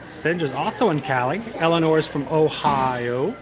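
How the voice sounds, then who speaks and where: A man's voice: on the high side, normal speed, over music. A man hosting a casual live stream from a theme park, chatting and reading out viewers' names and hometowns. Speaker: livestream host.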